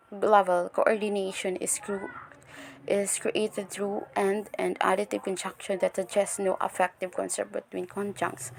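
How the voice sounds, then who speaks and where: A young woman talks through a recorded class presentation in a gravelly, fry-touched voice. She explains point by point, often stopping to restart a word. A faint hiss sits under the recording. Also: medium pitch. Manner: halting, many restarts and fillers, explaining step by step. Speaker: student presenter.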